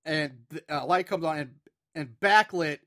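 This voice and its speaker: A man casually recapping a film scene by scene with a co-host, animated and quick to laugh. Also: a little high. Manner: animated, recounts scenes with laughs and mock outbursts. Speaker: movie podcast co-host.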